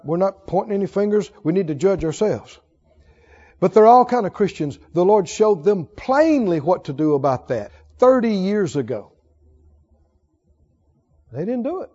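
A man's voice: high-pitched, big pitch swings, normal speed, pauses often, mellow. A man preaching a sermon as pastor, calling on the congregation for responses and building to emphatic exhortation. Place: church sanctuary. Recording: dull sound with long hall reverb.

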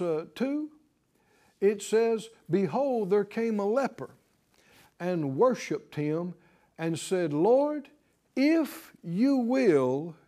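Middle-aged male preacher, unhurried, mellow tone, emphatic and repetitive delivery. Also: high-pitched. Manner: emphatic, repeats key words, acts out pleading prayers. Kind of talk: sermon.

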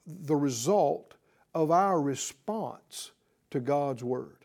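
A middle-aged man preaching a Bible teaching sermon in an earnest, deliberate way, asking his listeners rhetorical questions. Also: high-pitched, a little mellow.

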